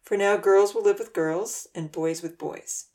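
A woman doing calm, kindly Uncle Louie. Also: medium pitch, close to an everyday voice. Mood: reassuring. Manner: slow, reassuring and firm. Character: kind, calm adult man leading children.

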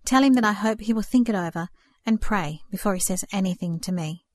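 A woman voicing a calm, meek young woman facing death in a storybook reading. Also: mid-range voice, fairly quick, lightly acted.

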